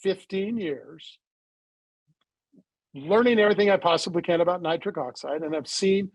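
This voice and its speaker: High, husky-voiced man telling a story. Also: normal speed, dry recording, low-quality recording. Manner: animated storyteller who acts out quoted dialogue. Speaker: interview guest, supplement company founder. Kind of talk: conversational interview storytelling.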